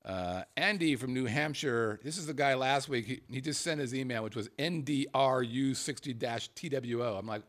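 Speaking at a moderate pace with hardly any pauses, a middle-aged man with a fairly bright, mid-range tone hosts a relaxed live stream. He reads contest entries aloud, cracking crude, profane jokes and lilting the names sing-song style.

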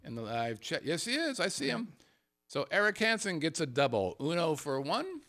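A man's voice: a little high, very animated, moderate pace, sharp tone. A middle-aged man hosting a casual live stream, reading out contest entries with crude jokes. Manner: joking, profane, reads names in a sing-song way. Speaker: show host.

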